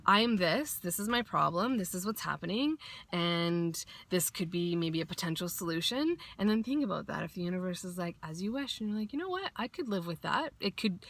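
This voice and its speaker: A woman's voice: lowish voice, lively intonation, moderate pace, a bit bright. Woman vlogger, casual pep talk, blunt and sweary, acts out quotes.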